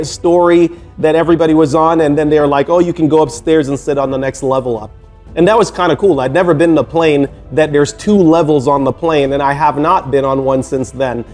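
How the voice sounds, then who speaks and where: A middle-aged man tells a personal story in a loose, casual way, circling back with fillers and restarts. His voice sits a little high for a man. Faint music plays quietly underneath. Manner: rambling, many fillers and restarts. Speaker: vlogger telling a travel story.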